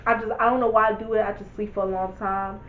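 A woman's voice: medium pitch, little pitch movement, quick pace, echoey room, phone-quality sound. A young woman vlogger telling a casual storytime, candid and blunt, swearing freely and talking to her viewers.

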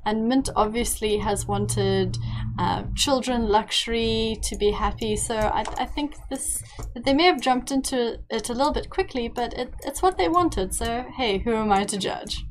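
A woman's voice: fairly high pitch, moderate pace, slight background noise, poor audio. Bubbly woman gamer. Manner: chatty, coaxing, giggly, talks to her characters. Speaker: game streamer. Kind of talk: casual let's-play commentary.

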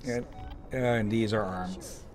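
A man's voice: on the low side, fairly even intonation, measured pace, a little mellow, a little hiss or hum. A man streaming a co-op game, chatting casually and swearing at what happens on screen. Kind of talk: casual gaming stream chat.

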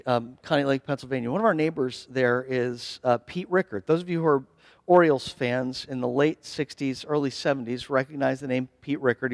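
A man's voice: medium pitch, gravelly, no echo. A man preaching a sermon in church as pastor, earnest and building to impassioned appeals.

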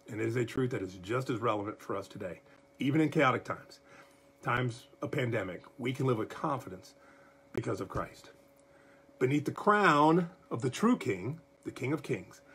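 A man leading a livestreamed Bible study as pastor, folksy and animated, talking straight to his viewers. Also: medium pitch, slight background noise.

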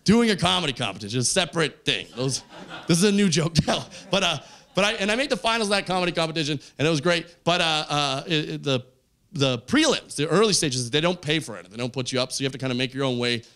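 A man doing a stand-up set on a club stage, telling a story with lively character voices. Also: a little high, quick pace. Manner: animated storytelling, acts out characters. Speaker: stand-up comedian. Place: comedy club stage with audience.

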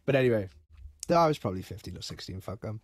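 A man's voice: fairly low pitch, lively intonation, fast, dry recording. A man, telling crude school stories in a casual podcast chat, laughing and swearing as he goes. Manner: swearing, laughing, self-mocking anecdotes. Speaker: podcast co-host.

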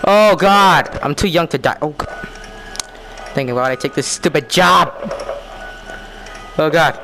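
A young man talking through a horror game in panic, repeating himself and swinging between yelps and low mutters. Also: expressive, slow, sharp tone. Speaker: gamer playing a horror game. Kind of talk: scared gameplay commentary. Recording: game music playing behind.

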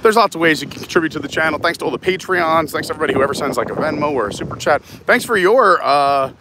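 A man's voice: a little high, lively intonation, fast talker, noisy background. Chatty man live-streaming outdoors. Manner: chatty, laughs often, thanks viewers. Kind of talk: casual live-stream chat, reading comments. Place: outdoors in a theme park, walking.

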